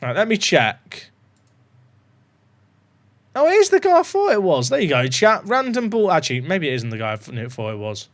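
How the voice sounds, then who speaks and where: Talking through a football management game, this young gaming YouTuber is chatty and jokey, speaking at normal speed with long pauses. His voice sits high with wide pitch swings, and at times he erupts into loud, excited shouts.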